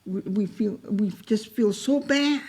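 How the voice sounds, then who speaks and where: Speaking a little slowly at medium pitch with a slightly mellow quality, a Bible study teacher leads an informal lesson. She repeats herself with emotion and often dramatizes heartfelt cries to God to encourage her listeners.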